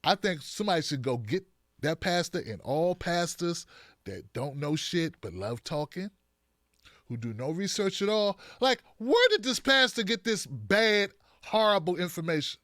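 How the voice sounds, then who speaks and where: A man hosting a political commentary show, talking in a blunt, animated, joking way with frequent restarts. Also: high voice, normal speed, no echo, studio quality.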